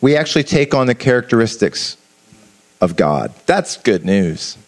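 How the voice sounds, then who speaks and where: A man giving an informal sermon, talking in an animated, conversational way with asides to the listeners and frequent restarts. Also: medium pitch, moderate pace. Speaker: preacher. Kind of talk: informal sermon to a youth audience.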